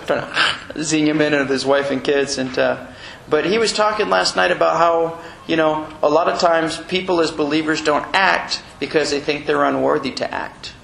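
Guy preaching in church, lively, high voice, echoey room w/ faint hiss. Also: moderate pace, vocal fry. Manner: animated, acts out quotes with chuckles. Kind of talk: sermon.

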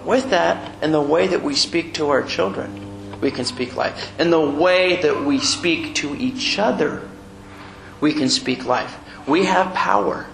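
A man preaching a sermon in a church, animated and chuckling as he acts out little quotes. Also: fairly high pitch, a little slow, creaky, faint music behind. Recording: echoey room with faint noise.

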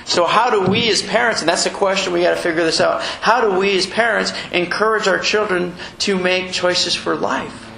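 A man preaching a sermon in a church, animated and chuckling as he acts out little quotes. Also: high voice, normal speed, creaky, hardly any pauses. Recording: echoey room with faint noise.

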